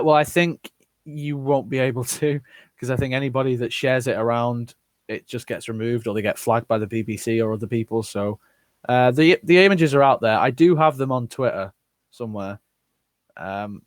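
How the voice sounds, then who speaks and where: A man hosting a casual live stream reads chat comments aloud and responds bluntly, cursing freely. His mid-range voice is fairly quick, and the audio has no echo.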